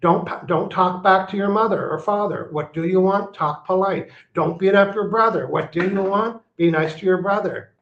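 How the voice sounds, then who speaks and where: A man's voice: high voice, normal speed, few pauses. A man speaking as an interview guest, teaching with emphasis and repeating his key phrases like a coach. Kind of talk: interview conversation. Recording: roomy, dull lo-fi sound.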